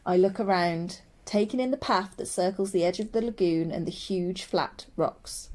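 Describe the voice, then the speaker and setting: A woman narrating a children's audiobook in a steady storytelling voice. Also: fairly low pitch, normal speed, hardly any pauses.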